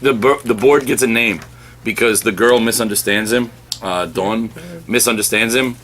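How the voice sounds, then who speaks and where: A man's voice: medium pitch, moderate pace. A man reviewing comic books in casual podcast chat, rambling and stammering through restarts.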